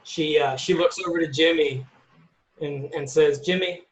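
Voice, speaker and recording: A man runs a tabletop game in a slow, unhurried way, stopping often to find his words. His voice sits a little high. It has the echo and dull lo-fi sound of a room mic. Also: steady tone. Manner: slow, halting narration with fillers. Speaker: game master. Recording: echoey, dull lo-fi room recording.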